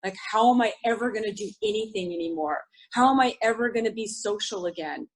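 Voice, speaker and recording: Amid heavy background noise, a middle-aged woman talks fast and animatedly, with hardly any pauses, in a highish voice with vocal fry. At a recovery group she shares frankly and confessionally, swearing freely and restarting her sentences.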